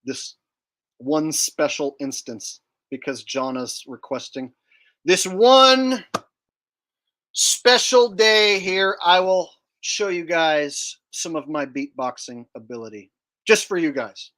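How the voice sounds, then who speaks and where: A man hosting a casual livestream, chatting with viewers in a deadpan, mock-bragging, joking manner. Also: mid-range voice, a little slow. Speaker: livestream host.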